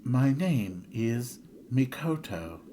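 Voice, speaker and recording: A man voicing a hollow, emotionless young female clone with a flat, robotic delivery while reading video game dialogue. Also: mid-range voice, slow pace, a little hiss or hum, voice pushed down.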